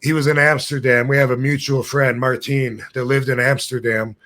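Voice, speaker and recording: A podcast host in his fifties tells long, rambling anecdotes in casual conversation, animating them with put-on voices. His voice is medium in pitch and his pace moderate.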